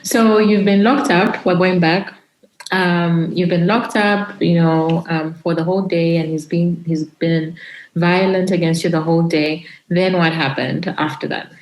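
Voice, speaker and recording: A woman hosts an interview, asking gentle, probing questions and nudging her guest along with short affirmations. Her voice sits on the low side. The sound carries a roomy echo. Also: steady tone, unhurried. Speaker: podcast host.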